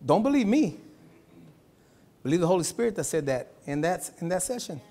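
A man pastor preaching a Sunday sermon in a church, talking in a loose, slangy way, sometimes shouting and sometimes dropping to a hush. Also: high-pitched, very animated, brisk. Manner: conversational preaching with slangy asides and laughs; swings from shouting to hushed.

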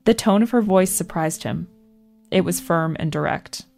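A woman calmly narrating a scripted piece of narrative journalism. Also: on the low side, normal speed, gravelly, faint music behind.

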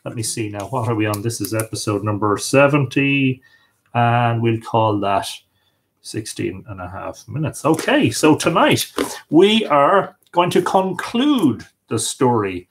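A man's voice: mid-range voice, animated, measured pace. An Irish man hosting a live stream, chatting casually as he reads out and answers viewer comments, with frequent hesitations. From Ireland. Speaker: livestream host.

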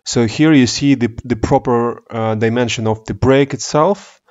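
A man presenting a technical demonstration of test equipment, explaining step by step with frequent pauses and restarts. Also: medium pitch, a little mellow, dull audio. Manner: explanatory, hesitant with fillers and restarts. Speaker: engineer presenting a product demo.

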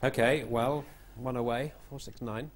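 A man's voice: medium pitch, steady tone, unhurried. A man hosting a television quiz show, chatty and genial, given to rambling a little as he moves things along. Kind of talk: TV game show presenting.

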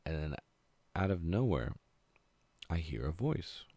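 Young male vlogger, very deep voice, dry sound, swears casually while rambling. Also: big pitch swings, measured pace, gravelly, dark tone, no echo. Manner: casual, profane, laid-back rambling. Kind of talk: storytime monologue.

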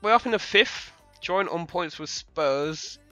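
A young man from London with a London English accent, chatting excitably to viewers and swearing freely while commentating his own football game. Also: fairly high pitch, unhurried, dry recording, soft background music. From London, England. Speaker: gaming streamer. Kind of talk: live gameplay commentary.

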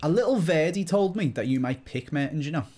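A man with a Scouse accent from Liverpool, chatting casually as a guest player, thinking out loud and laughing easily. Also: a little high, lively intonation. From Liverpool, England. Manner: chatty, self-questioning, quick to laugh. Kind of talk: casual gaming chat.

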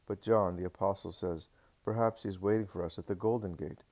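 A man reading the part of Peter, a blunt grown fisherman apostle, in a gruff, plainspoken way with a low, gravelly voice. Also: fairly even intonation, brisk, warm tone.

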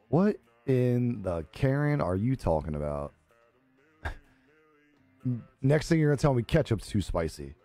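A man's voice: mid-range voice, gravelly, dark tone, no echo. Young guy streamer, loose and jokey, lots of cursing, dry close mic. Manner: laid-back, joking, swears a lot, laughs often. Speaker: live streamer. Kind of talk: casual live-stream chat reading viewer comments. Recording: dry close-mic with faint music behind.

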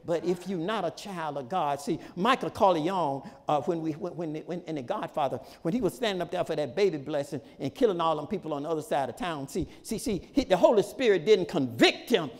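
A male pastor preaching a sermon in a folksy, repetitive style, with shouted peaks and laughter between points. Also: on the high side, lively intonation, fairly quick, few pauses, in a large hall. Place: church sanctuary.

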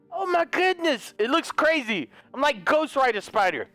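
A man with a strikingly high voice that leaps all over the place, yelling and joking through a let's play. He swears freely, hams up mock news-anchor lines, and has a game soundtrack playing clearly behind him. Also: normal speed, hardly any pauses, faint music behind. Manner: excitable, loud, swears a lot, goofy mock-announcer bits. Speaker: gaming YouTuber. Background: game soundtrack and sound effects.

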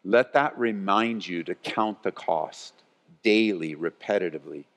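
A male pastor preaching a sermon, swinging between loud and hushed delivery. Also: low-pitched, measured pace. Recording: long church hall reverb.

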